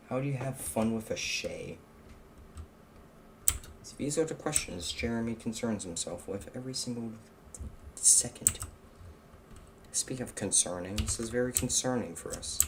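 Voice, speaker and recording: A man's voice: on the low side, background noise. A young man live-streaming a game, chatting casually and rambling to himself and his cat. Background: keyboard clicks and typing.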